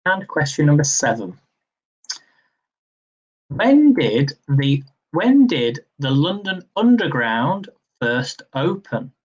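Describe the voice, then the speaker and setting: A young man hosting a live-streamed quiz, reading each question slowly, repeating it, and adding chatty asides. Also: a little high, big pitch swings, slightly rough, lo-fi sound. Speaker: quiz host.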